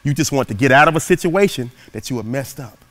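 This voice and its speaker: A man giving a motivational speech through storytelling, animated and dramatic, swinging from loud peaks to hushed asides. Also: mid-range voice, fast. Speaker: motivational keynote speaker.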